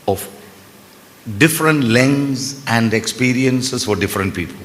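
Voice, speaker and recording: A man's voice: medium pitch, expressive, moderate pace, fairly bright tone. A man whose first language is Malayalam gives a conference lecture on trauma, speaking conversationally with self-deprecating asides. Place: conference hall. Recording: reverberant hall with faint background noise.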